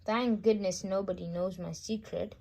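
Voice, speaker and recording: A woman's voice: mid-range voice, steady tone, normal speed, gravelly, dark tone. A woman reading aloud voices a timid little storybook man who hides how scared he is. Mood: shaken. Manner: storybook reading voice, panicky at times. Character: timid small cartoon man hiding his fear.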